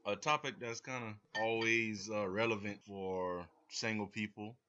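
Podcast moderator, man, low-ish and bright, dull lo-fi sound, laughs often. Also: steady tone, measured pace. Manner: laughs often, loud interjections. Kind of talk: casual chat.

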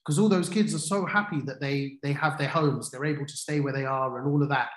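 In a roomy, echoey space, this livestream co-host chats and spins stories, often backtracking and using plenty of fillers. He has a slightly high voice, keeps a steady tone, and speaks fairly quickly.

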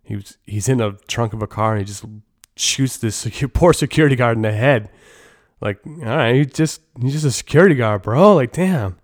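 A man's voice: mid-range voice, lively intonation, moderate pace, dry recording, studio quality. A man hosting a casual movie review podcast, talking in a blunt, opinionated and joking way, with some swearing. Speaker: podcast host.

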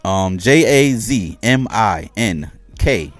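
Laid-back low-voiced man hosting. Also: expressive, faint music behind. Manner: laid-back, joking, slow when reading out names. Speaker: podcast co-host. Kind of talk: casual chat.

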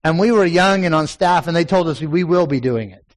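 A pastor in his forties preaches to a congregation in a church sanctuary, his voice on the high side and his pace a little fast. He tells folksy personal stories and builds up to emphatic points, though the audio quality is poor.

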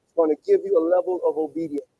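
Male pastor, high lively voice, preaching with call-and-response, repeats lines. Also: rapid-fire, vocal fry, slightly rough, dull audio. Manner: call-and-response preaching, repeats phrases, swings from loud to hushed. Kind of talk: sermon. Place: church sanctuary.

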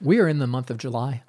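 A man on a comedy podcast reading listener emails aloud. His voice is slightly higher than most men's, and his reading is plain and easygoing. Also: a little mellow. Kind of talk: casual comedic chat.

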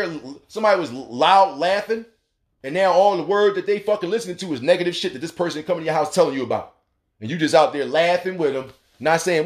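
A man with a slightly high voice hosts a talk radio show, talking straight to his listeners in a loose, animated monologue. He swears freely and slips into the voices of the people he quotes to make his points. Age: adult, has a son.

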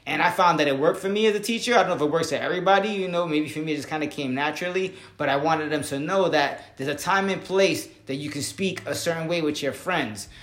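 A middle-aged man, a former teacher, telling stories in a relaxed, casual way with lots of "you know" fillers. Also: a little high, quick pace, few pauses. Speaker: former teacher and assistant principal. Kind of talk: casual conversational storytelling. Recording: roomy echo.

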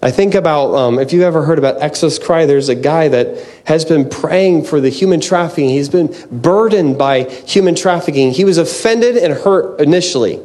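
A man delivers a sermon in an earnest, conversational way rather than a polished one. His voice sits a little high for a man. He often breaks off and restarts his sentences and peppers them with casual fillers. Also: normal speed, few pauses, a little mellow. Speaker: preacher.

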